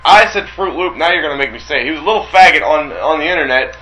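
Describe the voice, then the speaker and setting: A man's voice: on the high side, fast talker, pushed and bright, slight background noise, low-quality recording. A man co-hosting an internet radio show, brash and teasing in casual chat.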